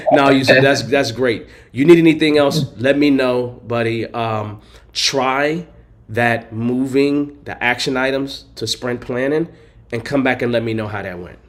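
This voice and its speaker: Hoarse man coaching on a live show. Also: mid-range voice, measured pace, a bit bright. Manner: friendly, encouraging, coaching. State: hoarse, clearing his throat. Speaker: host and agile coach. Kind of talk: casual live show chat.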